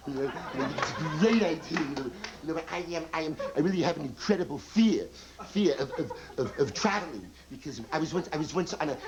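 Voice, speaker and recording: A man's voice: a little high, lively intonation, fast talker, close to an everyday voice, poor audio. A man doing an impression of a nervous, neurotic male comic who stammers and repeats his words. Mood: anxious. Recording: old TV tape, audience noise.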